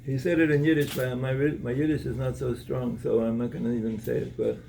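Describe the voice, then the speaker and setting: A man giving a Torah talk at an evening gathering, telling a story in a halting way, with many repeated words and restarts. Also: mid-range voice, little pitch movement, gravelly, darkish tone, distant mic, slight background noise, rough recording.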